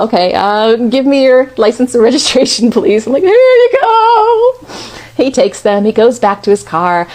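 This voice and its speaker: Expressive woman telling a story. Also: mid-range voice. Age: about 50. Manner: conversational and expressive. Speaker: speaker. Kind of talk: storytelling talk.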